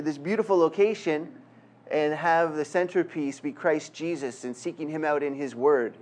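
A man's voice: a little high, moderate pace. A man from a ministry center speaking informally to a Christian gathering, conversational with dry humorous asides. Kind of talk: informal talk to a Christian audience.

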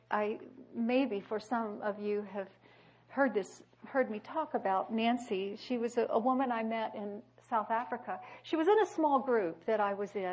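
A woman delivers a sermon in a husky, breathy voice pitched a little high. She swings between strong, ringing declarations and soft, near-whispered moments as she tells personal stories. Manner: emphatic, swings between loud declarations and hushed quoted speech. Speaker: preacher.

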